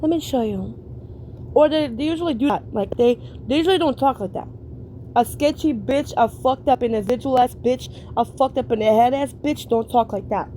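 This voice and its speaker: A woman streamer giving a blunt, profane reaction rant, preaching in slow, drawn-out emphatic phrases. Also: high voice, mellow, slight background noise.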